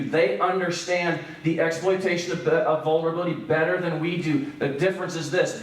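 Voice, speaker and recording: A man speaking at a church breakout session in an earnest storytelling manner, turning quiet and grave for the hard parts. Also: a little high. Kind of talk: earnest church seminar talk. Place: church hall. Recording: very echoey hall from far off.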